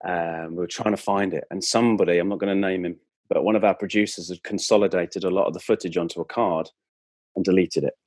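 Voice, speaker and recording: A man's voice: low voice, steady tone, quick pace, no room sound. A man, a club presenter telling anecdotes as a guest in casual chat, with many fillers and restarts. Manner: warm storyteller, frequent fillers and restarts.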